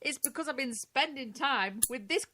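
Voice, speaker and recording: A woman's voice: high voice, animated, moderate pace, sharp tone, a little hiss or hum. A woman with a Derby English accent, co-hosting a casual podcast chat, swearing freely and laughing often as she tells stories. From England. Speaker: co-host.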